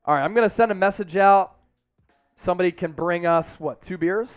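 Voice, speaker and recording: Young male stream host, high-pitched, energetic chat reader. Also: brisk, smooth, soft background music. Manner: energetic, reads chat aloud. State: exerting, counting push-ups. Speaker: host of a live sports stream. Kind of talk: casual live-stream chat.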